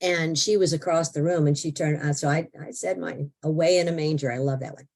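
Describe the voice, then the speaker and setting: An older woman with a low voice, appearing as an interview guest, briskly tells a personal story. She's animated and expressive, acting out her own thoughts as she goes.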